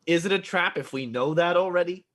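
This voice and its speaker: A woman's voice: fairly low pitch, a little fast, fairly bright tone. A woman playing a brash, jokey character in a comedic tabletop game. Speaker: player. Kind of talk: comedic tabletop role-play.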